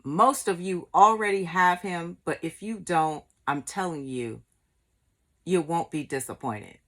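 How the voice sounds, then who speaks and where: A woman hosts a casual unboxing vlog and gushes over everything she opens. Her voice sits low and her delivery is slow and unhurried. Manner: gushing, excited, reads aloud. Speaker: crochet channel host.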